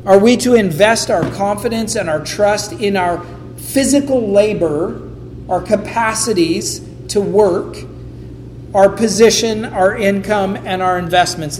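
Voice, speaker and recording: A man's voice: high voice, slight background noise. A man preaching a sermon in a conversational way, acting out quotes from the people he talks about. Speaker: pastor.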